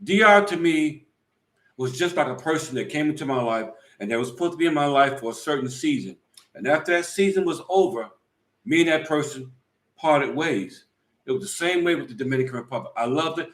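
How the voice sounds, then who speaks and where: A middle-aged man from the States talking fast and with conviction, driving his points home like a small sermon. His voice rings in a roomy, echoey space. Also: mid-range voice, expressive. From United States. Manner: emphatic, preachy, rapid talk. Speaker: vlog co-host. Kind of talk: casual live chat. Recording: echoey room.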